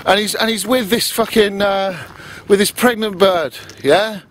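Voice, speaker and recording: A man's voice: high voice, fairly even intonation, measured pace, a bit bright. A man with a profane, emphatic manner delivers a ranting vlog monologue, tagging "yeah?" onto his points. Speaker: vlogger.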